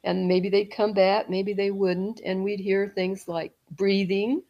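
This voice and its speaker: Middle-aged lady guest rambling thru a story, gravelly fry, lots of restarts. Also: medium pitch, flat delivery, unhurried, muffled recording. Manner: rambling, with restarts and soft laughs. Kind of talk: casual storytelling interview.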